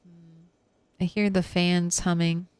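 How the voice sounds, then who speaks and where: A woman's voice: lowish voice, level tone, slow pace, a little hiss or hum. A young woman streaming a game, chatting casually as she plays, rambling between topics and swearing freely. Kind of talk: casual gameplay chat.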